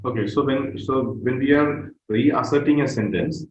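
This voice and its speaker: A man giving an online grammar lesson, speaking slowly and repeating key phrases with pauses. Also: mid-range voice, highs cut off. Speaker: grammar teacher. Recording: roomy echo with faint noise.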